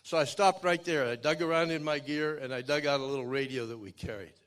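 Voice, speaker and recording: An older man giving a keynote speech, telling a dramatic personal story in a folksy way that swings from loud to hushed. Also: fairly high pitch, fast talker. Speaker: keynote speaker. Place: outdoor memorial event.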